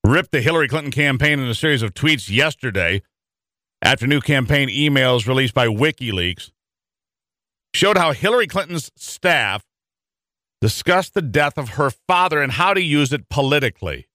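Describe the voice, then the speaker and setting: A man's voice: mid-range voice, expressive, moderate pace, bright, forceful tone, dry recording, clean studio sound. A middle-aged man from Michigan hosting a talk radio show, chatting in a rambling, conversational way full of fillers.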